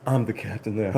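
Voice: mid-range voice, background noise. A livestream host telling a story in a profane, laughing, indignant way. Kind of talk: animated casual storytelling.

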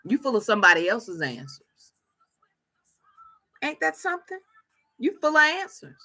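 A woman's voice: a little high, huge pitch swings, normal speed, pushed and bright. A woman preaching a fervent sermon, repeating her phrases for emphasis.

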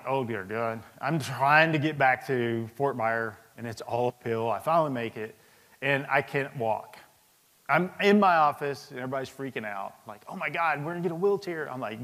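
A man's voice: mid-range voice, a bit bright. A man in his fifties, a senior army leader, telling personal anecdotes in a speech to an audience. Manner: storytelling, anecdotal, chuckling asides. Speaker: Sergeant Major of the Army. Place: large hall with audience. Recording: long reverb of a hall.

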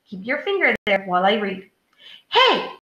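Woman teacher reading to her class, clear and deliberate, bright highish voice, echoey room. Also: expressive, muffled recording. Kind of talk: reading a story aloud to a class.

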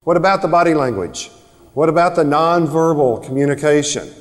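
A man's voice: fairly high pitch, lively intonation, fairly quick. A man giving a motivational seminar talk on communication to a live audience, asking rhetorical questions. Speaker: speaker on communication skills. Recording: long reverb of a hall.

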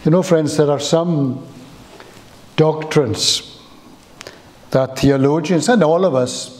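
Slow, emphatic preacher. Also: male voice, on the high side, darkish tone. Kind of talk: sermon. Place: church.

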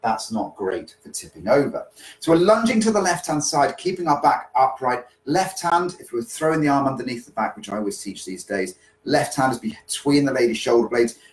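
A man's voice: mid-range voice, expressive, moderate pace, poor audio. A man teaching partner dancing in a podcast, talking casually and asking "okay?" often as he explains. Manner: chatty, repeats "okay?" to check in. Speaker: dance teacher. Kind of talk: live-streamed dance lesson podcast.

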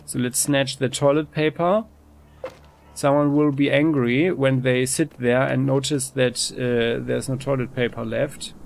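Relaxed male let's-play host, gravelly voice, mid pitch. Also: unhurried, a little hiss or hum. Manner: relaxed, thinking aloud with restarts. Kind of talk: casual gameplay commentary.

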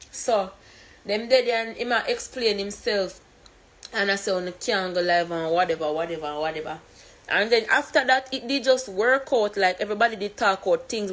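A woman with a Jamaican accent telling an animated storytime rant, heavy on swearing and patois. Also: mid-range voice.

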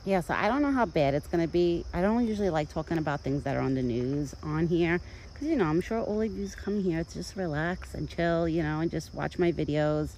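A woman casually vlogging outdoors in a yard, rambling in a chatty way and cooing softly in a high voice to soothe her deer. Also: brisk, slight background noise, low-quality recording. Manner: rambling and chatty, full of "like" and "you know". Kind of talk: casual outdoor vlog chat. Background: crickets and outdoor nature sounds.

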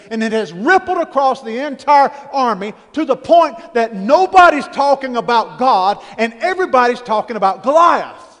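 A man preaching a sermon as pastor, reading scripture quietly and then building to fervent, emphatic preaching. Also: very high-pitched. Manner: reads scripture softly, then preaches with rising force. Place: church sanctuary. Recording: long church reverb.

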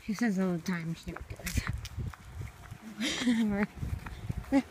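A woman's voice: mid-range voice, a little fast, background noise. A young woman chatting offhand to her viewers while walking outdoors on a casual vlog. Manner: chatty, offhand, keeps saying whatever. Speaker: vlogger. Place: outdoors on a rural walk.

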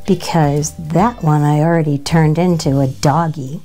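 A woman's voice: low voice, steady tone, measured pace, warm tone, soft background music. A woman voicing a little girl who pretends to be an evil witch, boasting in a menacing make-believe way.

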